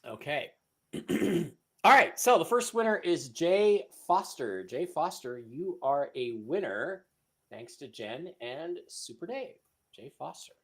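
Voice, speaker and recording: A man's voice: a little high, expressive, slow pace. A man hosting a live stream, chatting loosely, reading out giveaway winners and stumbling over names. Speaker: livestream host. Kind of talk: casual live-stream chat.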